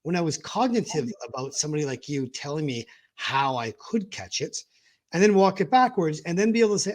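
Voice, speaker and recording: A man's voice: on the high side, animated, a little fast. A man hosting a podcast, talking candidly and animatedly about his own mental health and acting out his inner dialogue. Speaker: podcast host.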